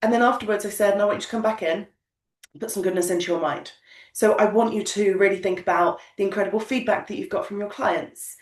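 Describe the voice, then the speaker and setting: A woman's voice: mid-range voice, steady tone, fast talker. A woman coaching a group of business owners, speaking emphatically and repeating her points in a motivational way. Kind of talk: coaching session talk. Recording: echoey room, distant mic.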